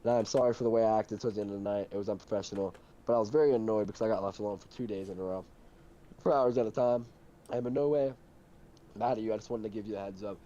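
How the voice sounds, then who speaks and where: A young man telling a heated story in casual chat, animated and swearing a lot. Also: on the low side, racing, muffled recording.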